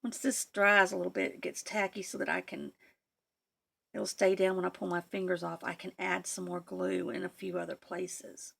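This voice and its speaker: A woman's voice: on the low side, level tone, normal speed, creaky, fairly bright tone. A woman vlogger chatting casually while she works on a craft project. She talks to herself and her materials, sometimes dropping to a near-whisper. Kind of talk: casual crafting tutorial chat.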